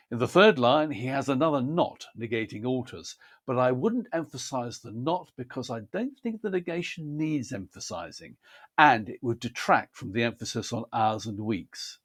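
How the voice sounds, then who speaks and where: A man explains poetry reading in a careful, precise teaching manner. His pitch sits in an ordinary middle range, and he lays out each point methodically. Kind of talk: scripted instructional talk.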